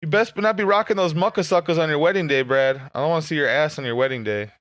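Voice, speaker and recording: Guy cohost joking around crude, kinda high voice, laughs a bunch. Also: fast talker, fairly bright tone, dry recording. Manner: riffing, laughs often. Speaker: podcast co-host. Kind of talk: crude casual banter.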